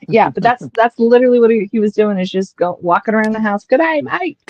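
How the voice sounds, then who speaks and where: A woman streamer talks casually into a headset, wandering through her story with lots of fillers. Her voice sits in a middle pitch, and the sound is muffled and dry. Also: fast, darkish tone, no room sound. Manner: rambling, full of fillers. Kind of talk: casual chat.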